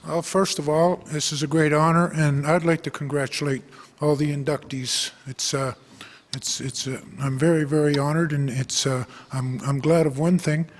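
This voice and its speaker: An older man giving an acceptance speech, chatty and halting, telling a story with quoted voices. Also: fairly high pitch, level tone, in a large hall. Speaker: inductee. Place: banquet hall.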